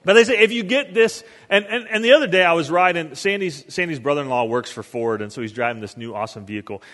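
A man's voice: on the high side, lively intonation, fast talker, fairly bright tone. A man giving a casual, conversational sermon as a pastor, rambling and acting out little scenes. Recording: long hall reverb.

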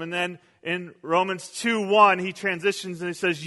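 A man preaching a sermon as pastor, an animated storyteller who often repeats words as he goes. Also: fairly high pitch, fairly quick, few pauses. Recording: long hall reverb.

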